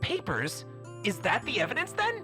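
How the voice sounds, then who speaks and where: A woman's voice: mid-range voice, huge pitch swings, moderate pace, over music. A woman voicing a cheerful, teasing young woman talking to her older sister. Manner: playful, teasing.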